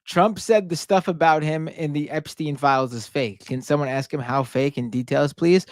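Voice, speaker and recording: A man's voice: fairly high pitch, animated, a little fast, darkish tone, no echo, clean studio sound. A man hosting a live stream, reading super chats aloud and ranting in a casual, profane, indignant way. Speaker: livestream show host.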